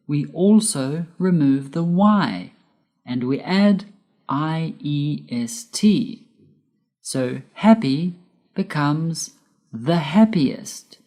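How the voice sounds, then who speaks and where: Slow, low-voiced woman teaching grammar. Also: mellow. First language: Spanish. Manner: deliberate, spells out letters, stresses key words. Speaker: English teacher. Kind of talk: slow scripted grammar lesson.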